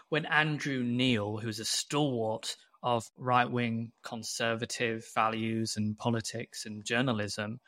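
A man's voice: mid-range voice, bright, forceful tone. A man co-hosting a podcast in casual chat, telling stories in a blunt, opinionated way. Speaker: podcast co-host.

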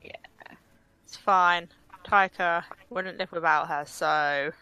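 A woman with a bright, sharp-edged voice speaks slowly and unhurriedly. She chats about a tabletop game with a friend in a laid-back way, mostly with short replies. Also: fairly low pitch, fairly even intonation, clean tone, low-quality recording.

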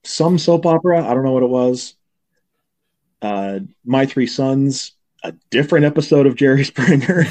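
A man co-hosting a podcast, casually recapping a film scene by scene and slipping into quick character impressions. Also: mid-range voice, a little mellow. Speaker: podcast co-host. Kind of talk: casual movie recap chat.

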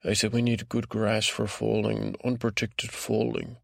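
A man hosting a show, telling a meandering improvised bedtime story in a slow, drowsy way with a put-on, vaguely Scottish lilt, often stalling and repeating himself. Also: lowish voice, little pitch movement, creaky, no room sound, clean studio sound. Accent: put-on vague Scottish-ish lilt. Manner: meandering, halting, full of restarts and repeated words; slow, drowsy, lulling delivery. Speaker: podcast host. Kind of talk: rambling improvised bedtime story told in first person.

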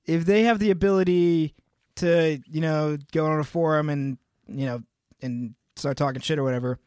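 A man's voice: fairly high pitch, fairly even intonation, normal speed, darkish tone, clear, resonant tone, no echo, clean studio sound. A young man co-hosting a casual podcast, easygoing and rambling, full of "you know". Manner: easygoing, rambling, lots of fillers. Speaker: band member and podcast co-host.

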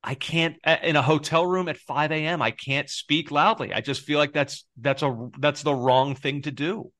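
A man's voice: a little high, fairly even intonation, moderate pace, fairly bright tone, no room sound, studio quality. A man co-hosting a sports podcast, talking casually in an earnest, hesitant, self-deprecating way. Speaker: podcast co-host.

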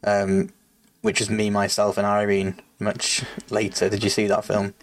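A man co-hosting a film podcast in relaxed, agreeable casual chat with quick asides. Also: on the low side, no room sound. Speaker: podcast co-host.

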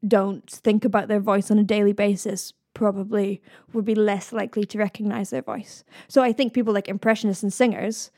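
Woman, soft east-coast Scottish accent, host and voice coach, thoughtful conversational chat. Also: mid-range voice, flat delivery, a little fast, few pauses, no echo, studio quality. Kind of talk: casual chat.

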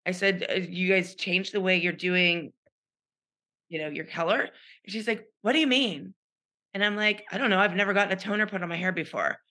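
Bright-voiced woman telling a story. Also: on the low side, brisk. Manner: animated retelling with quoted voices. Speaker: podcast co-host. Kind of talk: casual storytelling chat.

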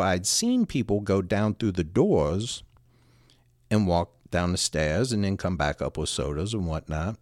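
A man casually telling a personal story, animated and salty, with frequent restarts. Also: fairly low pitch, no echo, clean studio sound.

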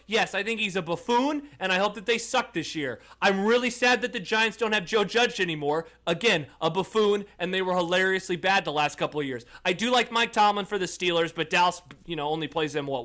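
A man's voice: high-pitched, bright, forceful tone. A man co-hosting a casual sports podcast, answering with easygoing, wry, dry humor. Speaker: podcast co-host.

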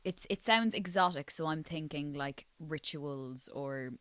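A woman's voice: deep voice, unhurried, crowd noise. A woman co-hosting a podcast, playful and rambling in casual chat. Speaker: podcast co-host.

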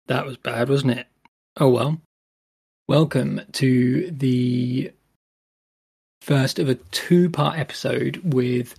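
Slow, gravelly man hosting a podcast. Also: medium pitch. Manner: halting, many fillers. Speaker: podcast host. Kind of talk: casual podcast intro.

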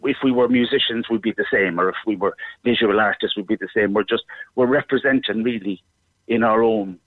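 A man's voice: on the low side, a little fast, no room sound. Middle-aged Cork Irish man, effusive actor interviewed down a tinny phone line. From Ireland. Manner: effusive, warm-hearted talk with repeated restarts. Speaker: actor and guest.

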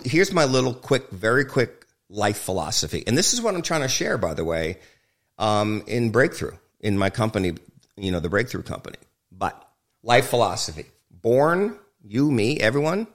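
Man, low voice, film director, interview guest, frank, emphatic, swears, jokey. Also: very animated, moderate pace. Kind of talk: candid interview conversation.

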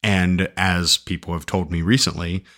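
A man co-hosting a podcast, chatting casually, joking at times and thinking aloud with halting restarts. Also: low-pitched, steady tone, a bit bright. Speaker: podcast co-host. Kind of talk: casual chat.

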